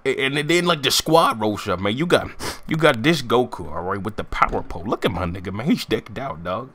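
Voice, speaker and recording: Excitable, animated young-sounding gaming commentator man. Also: medium pitch, fairly quick. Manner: excitable, profane, jokey. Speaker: gaming YouTuber. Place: home room, sitting at a desk chair.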